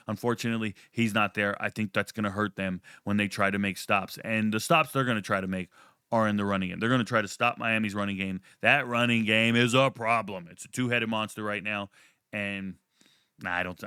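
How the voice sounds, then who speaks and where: A man's voice: a little fast, clear, resonant tone, no echo, clean studio sound. Brash, profane man hyping sports picks. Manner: brash, profane, hyped-up trash talk; boastful, swings from low mutter to loud high outbursts. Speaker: sports betting analyst. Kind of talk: casual sports prediction talk.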